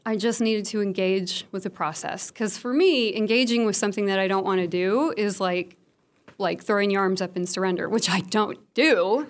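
A woman in her thirties telling a candid personal story about motherhood to an audience, frank and humorous, with a self-deprecating streak. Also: mid-range voice. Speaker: speaker sharing a personal story.

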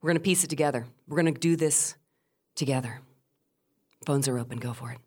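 A woman's voice: fairly low pitch, racing, a bit bright, natural voice. A woman voicing a commanding radio talk-show host who speaks steadily and with authority to frightened listeners. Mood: calm, firm. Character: commanding middle-aged woman radio host, calm and firm.

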